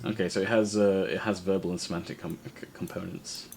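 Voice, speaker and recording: A man running a tabletop game as game master, explaining rules and narrating in a relaxed, halting way. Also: low voice, vocal fry, slight background noise.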